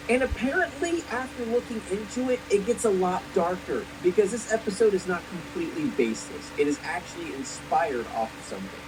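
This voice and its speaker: A woman delivers scripted video commentary with a lot of movement in her pitch. She talks expressively and casually, dropping the odd swear word. The recording has a clear hiss of noise running underneath. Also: very animated, fairly quick, few pauses. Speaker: cartoon commentary narrator.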